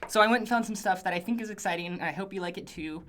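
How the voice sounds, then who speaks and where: This livestream host talks rapid-fire in a mid-range, slightly bright voice, reading viewers' greetings from a small office studio. She's upbeat and chatty, rambling off into asides with frequent fillers.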